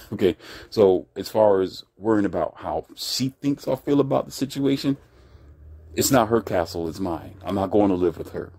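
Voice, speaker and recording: A man's voice: on the low side, expressive, normal speed, mellow. A man giving relationship commentary in a blunt, brash, lecturing manner. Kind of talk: casual commentary monologue.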